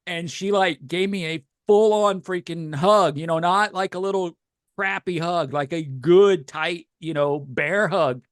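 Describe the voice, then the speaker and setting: A man's voice: high-pitched, unhurried, smooth, no room sound, studio quality. A middle-aged man co-hosting a podcast, telling a rambling story in casual chat and getting emotional as he goes. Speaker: podcast co-host.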